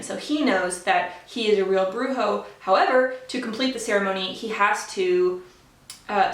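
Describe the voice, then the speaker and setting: A young woman chatting casually and enthusiastically about books she read, with many ums and gushing praise. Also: mid-range voice. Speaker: book vlogger. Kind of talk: casual book wrap-up chat. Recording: echoey room, mic at a distance.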